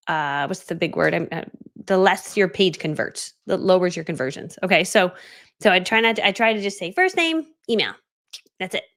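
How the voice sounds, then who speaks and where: A woman's voice: medium pitch, fairly bright tone. A woman coaching viewers through a casual live stream, bubbly and chatty, laughing often and dropping into whispered asides. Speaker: online business coach.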